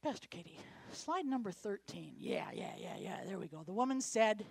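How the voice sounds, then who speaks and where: A middle-aged woman preaching a sermon in an animated way, acting out Bible characters and dropping at times to a hushed whisper. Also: medium pitch, moderate pace, vocal fry, hardly any pauses, breathy edge, no echo.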